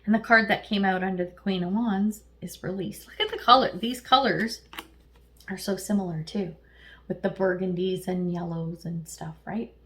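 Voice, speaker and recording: A middle-aged woman giving a casual, chatty tarot reading, lively and slangy, often laughing. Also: medium pitch, normal speed. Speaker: tarot reader.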